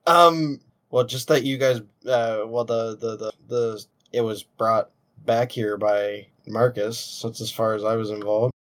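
A man's voice: mid-range voice, fairly even intonation, unhurried, a bit bright. A man playing a tabletop role-play game, joking and stammering through his answers. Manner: jokey, stammering. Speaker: player.

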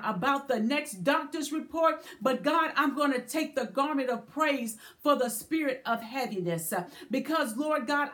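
A woman preaching a sermon in a measured, repetitive way, breaking into spoken prayer. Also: sits high.

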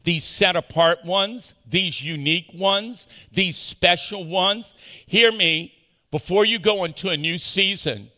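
A male pastor preaching an animated sermon, calling on the congregation to answer back. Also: sits high, takes it slowly. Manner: animated preaching with call-and-response. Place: large church auditorium. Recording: echoey church hall.

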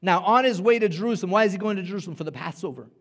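A man's voice: high voice, racing, fairly bright tone. A man preaching a sermon as pastor, emphatic, repeating words and rallying his listeners.

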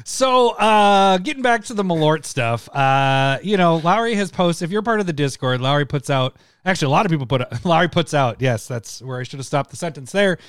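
A man's voice: a little high, animated, a little fast, few pauses, clean tone, dry recording, studio quality. A man hosting a casual live podcast with rambling, joking banter. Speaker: podcast host. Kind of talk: casual live-stream chat.

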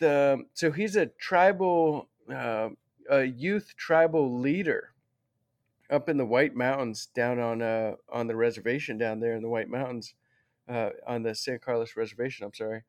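A man's voice: mid-range voice, unhurried. A man who is a guest on an interview show, telling a story in a rambling, heartfelt way and often correcting himself.

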